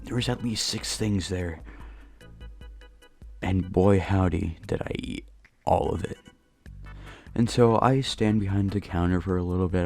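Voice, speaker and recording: A man's voice: low-pitched, a little mellow. A man recording a storytime voice-over for his gaming channel, rambling and poking fun at himself. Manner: rambling, self-deprecating storytelling. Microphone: voice-over recorded late at night.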